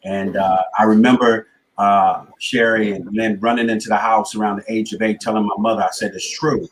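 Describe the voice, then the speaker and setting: A man's voice: fairly low pitch, little pitch movement, brisk, low-quality recording. A middle-aged man telling his life story as a guest on a talk show, with an earnest, motivational cadence. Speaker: guest speaker and author.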